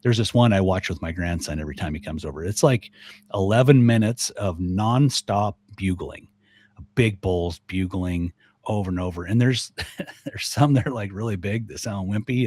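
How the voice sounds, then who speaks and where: An older man, a guest on a podcast, talking casually and lively, mimicking sounds as he explains. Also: low voice, normal speed, breathy edge, no echo. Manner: animated, mimics elk bugles and voices. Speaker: guest, elk calling expert.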